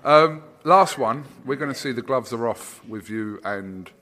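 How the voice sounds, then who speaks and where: A man's voice: medium pitch, lively intonation, measured pace, a bit bright. A man interviewing a guest in casual, teasing banter. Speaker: sports interviewer.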